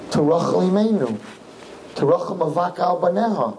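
A man preaching as a rabbi, fervent, swinging from soaring high cries to low hushed pleading. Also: animated, normal speed, slight background noise, low-quality recording. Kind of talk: impassioned sermon.

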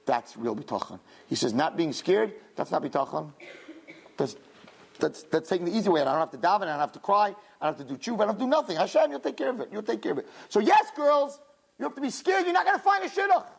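Fast and mid-range, her voice is creaky and husky. As a Torah teacher giving a religious lecture to young women, she narrates stories with animation and acts out the lines of dialogue herself.

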